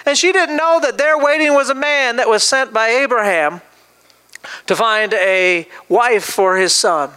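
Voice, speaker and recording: A male pastor preaching a sermon, telling a personal story in a lively way with frequent restarts. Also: very high-pitched, a little slow, clear, resonant tone.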